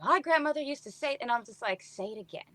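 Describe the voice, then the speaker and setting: A woman's voice: high voice, animated, fast talker, a bit bright. A middle-aged woman guest on a podcast, telling stories in a chatty way and acting out what people said. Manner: chatty, lots of "like", acts out quotes. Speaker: podcast guest, book influencer. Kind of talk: casual storytelling chat.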